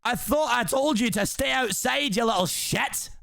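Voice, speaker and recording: A tipsy man voicing a gruff, grumpy male ogre with an exaggerated, growling Scottish accent. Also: very high voice, normal speed, sharp tone, no echo, studio quality, soft background music, voice pushed up, full character voice. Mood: angry. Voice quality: growling, aggressive.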